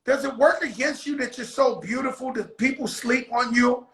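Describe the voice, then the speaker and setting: Man host, excitable and slangy, high voice, roomy echo on the mic. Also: normal speed. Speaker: interviewer host. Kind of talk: casual interview chat. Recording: echoey room.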